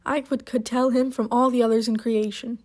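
A woman reads the part of a proud, solemn old countrywoman from a storybook. She talks in slow, stiff dialect, her voice sitting a little high. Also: level tone, darkish tone, close to an everyday voice. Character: elderly rural woman, solemn, dignified, proud.

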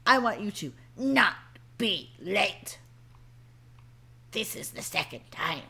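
A woman's voice: medium pitch, lively intonation, takes it slowly, creaky, sharp tone, slightly rough, exaggerated voice. A woman voicing a stern adult male coffee shop boss who scolds and mocks a late worker. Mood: scolding. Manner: scolding, sarcastic.

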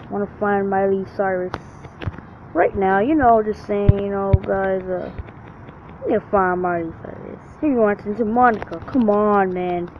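A man's voice: high-pitched, fairly even intonation, moderate pace. Dude trash talking thru his game, swears nonstop, kinda muffled cheap mic sound. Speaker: gamer. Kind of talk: profane let's-play commentary. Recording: dull lo-fi recording with faint hiss.

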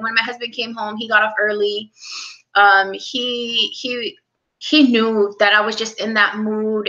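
A young woman hosting a casual live stream, speaking softly and close to tears as she greets viewers by name. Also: a little high, muffled recording. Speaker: livestream host.

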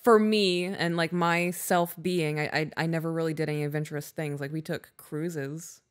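A woman's voice: deep voice, steady tone, moderate pace. A woman co-hosting a podcast in casual chat, candid and emotional, swearing freely. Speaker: podcast co-host.

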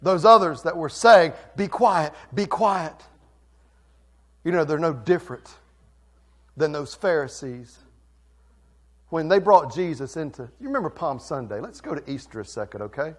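Male pastor, fairly high voice, fervent sermon delivery that rises and drops in volume. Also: animated, moderate pace. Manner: impassioned preaching, swinging from quiet to loud. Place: church sanctuary.

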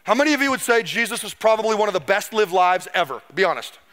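A middle-aged man preaching a sermon as pastor, telling history as a lively story and acting out the people he quotes. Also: high voice, quick pace.

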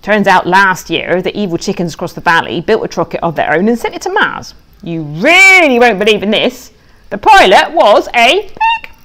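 A woman's voice: lowish voice, fairly bright tone. A woman author reading her own children's book aloud, telling it in a playful, childlike voice with cheerful bad grammar. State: tearful at moments.

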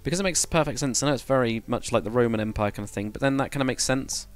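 A man's voice: mid-range voice, fast, faint music behind. Chatty man streaming. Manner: rambling, self-correcting, chatty with viewers. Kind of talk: casual live-stream chat while building.

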